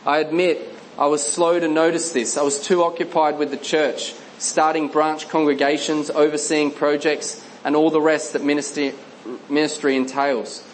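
A man's voice: on the high side, little pitch movement, normal speed, slight background noise, poor audio. Earnest man narrating a Christian memoir. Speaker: narrator reading a book.

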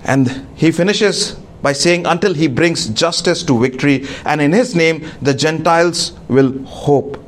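A man preaching a sermon to a congregation, halting with many fillers and restarts. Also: fairly high pitch, slight background noise. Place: church.

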